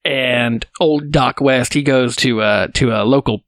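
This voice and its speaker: Male podcast co-host, dry wry critic, mid pitch, close dead recording. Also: a little slow, no room sound. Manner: wry, critical, chuckling commentary with many fillers. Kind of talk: casual movie recap chat.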